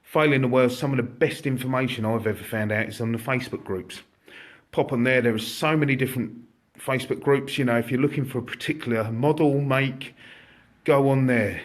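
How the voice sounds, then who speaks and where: A man, an airsoft shop owner, chatting casually and excitably to viewers on a live stream from inside his shop. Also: mid-range voice, fairly quick. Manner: chatty, excitable, jokey, addresses viewers directly.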